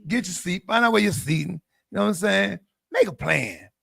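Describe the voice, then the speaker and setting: A man, co-hosting a casual chat and handing out advice in animated, preachy lists. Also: high voice, brisk, gravelly, slightly rough, no echo, studio quality. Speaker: co-host.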